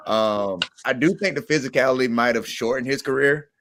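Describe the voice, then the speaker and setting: A man on a sports talk panel, reasoning in a calm, measured way. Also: mid-range voice.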